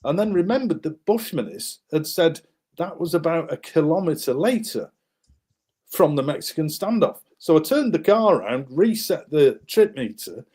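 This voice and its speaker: A man's voice: on the high side, moderate pace, breathy edge. A man, guest author, animatedly recounting a wartime story while showing maps, with many fillers and restarts. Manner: animated, acts out the people in his story.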